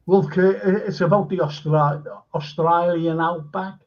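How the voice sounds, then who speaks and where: A man's voice: high voice, fairly even intonation, measured pace. A man hosting a live stream, reading viewer comments aloud and chatting casually with fillers. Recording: dull lo-fi stream audio.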